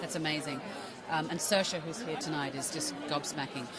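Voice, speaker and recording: Wry, low-voiced woman actress. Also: steady tone, moderate pace, over a noisy crowd. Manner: wry, self-mocking, laughs often. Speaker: actress at press events. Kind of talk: casual interview banter.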